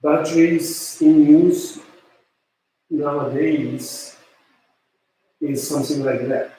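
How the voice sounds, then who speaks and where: A man with a Japanese accent who speaks Japanese natively, giving a university lecture in English in a halting way, with many fillers and restarts. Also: a little high, steady tone, warm tone. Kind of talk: recorded lecture. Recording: echoey room.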